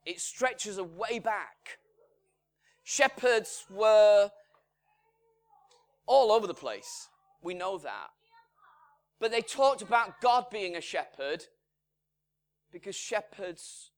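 A man preaching a sermon, measured and emphatic, his voice swinging from strong lines down to hushed, quiet ones. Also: high voice. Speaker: pastor. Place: church in Salford.

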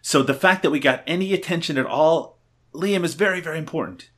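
A man's voice: a little high, brisk. A man in his thirties hosting a comedic podcast, chatting in a jokey, self-mocking way. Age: 30s. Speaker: podcast host. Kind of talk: casual comedic podcast chat.

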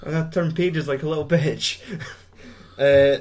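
A man's voice: fairly high pitch, fairly even intonation, slow pace, darkish tone. Rambling, swearing man. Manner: rambling, profane, laughs often. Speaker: podcast host. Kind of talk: casual film recap chat.

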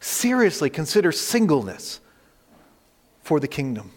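A man delivers a sermon from the pulpit, reading scripture aloud and unpacking it verse by verse. His voice sits a little high for a man. A long reverb from the church hall trails after each phrase. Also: animated, normal speed. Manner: expository preaching, reading scripture aloud and explaining it. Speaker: pastor. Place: church sanctuary.

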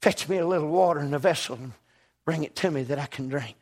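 A preacher voicing an old prophet, calm and measured, making a gentle request. The tone is softer and lower than the preacher's own delivery, as a man retells the scene from the pulpit. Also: lightly acted. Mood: asking.

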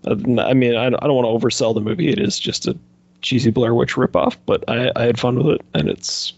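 A man's voice: medium pitch, fairly quick, vocal fry, husky, no echo, highs cut off. A man chatting casually on a podcast, rambling with lots of fillers and laughing as he goes. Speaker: podcast co-host. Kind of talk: casual chat.

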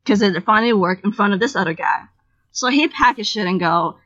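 Woman, casual storytelling, animated, swears freely, acts out dialogue, mid-pitched, slightly muffled lo-fi sound. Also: quick pace. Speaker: podcast co-host telling a story. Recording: slightly dull lo-fi audio.

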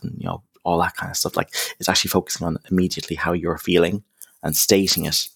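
A man's voice: sits low, flat delivery, fast, gravelly, slightly rough. A young man, a counsellor, talking casually in an interview, emphatic, with lots of "you know" and "okay?". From Ireland. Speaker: counsellor, podcast guest.

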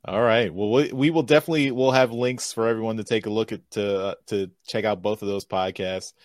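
A man's voice: on the low side, steady tone, no echo, clean studio sound. A man hosting a podcast in casual interview style, often restarting and repeating words. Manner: halting, repeats words, friendly asides. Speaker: podcast host.

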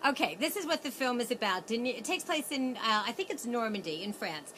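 A woman's voice: on the high side, very animated, a little fast, a bit bright, a little hiss or hum. A woman co-hosting a casual film review show. She is chatty and laughs often, with rambling restarts.

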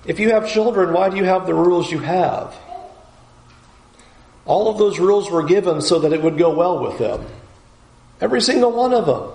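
A man's voice: high voice, a little mellow, reverberant, rough recording. A man preaching a sermon as a pastor, emphatic, repeating key phrases for stress.

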